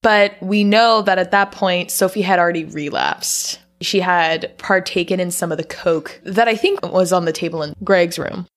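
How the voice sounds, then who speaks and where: A woman's voice: lowish voice, normal speed, few pauses. A woman co-hosting a podcast, recapping a horror movie in casual chat and often laughing along. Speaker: podcast co-host.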